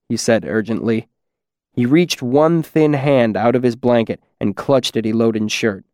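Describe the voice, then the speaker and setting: A man narrating a first-person story at a steady, even pace. His voice has a mid pitch. The recording is dry and close with no room sound. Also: normal speed, no room sound. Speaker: audiobook narrator.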